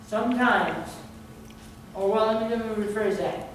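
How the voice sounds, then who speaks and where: A male pastor delivers a sermon in a loose, conversational way, circling back and repeating himself mid-sentence. He sounds a fair way from the microphone in a strongly reverberant church. A steady background noise runs under his voice. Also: high-pitched, normal speed. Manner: conversational preaching with frequent restarts and repeated words. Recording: very echoey hall, distant mic, background noise.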